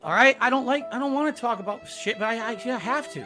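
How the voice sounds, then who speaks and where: A man's voice: extremely high pitch, fast talker, over music. A man in an interview, talking in a rambling, defensive and emotional way. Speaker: content creator being interviewed.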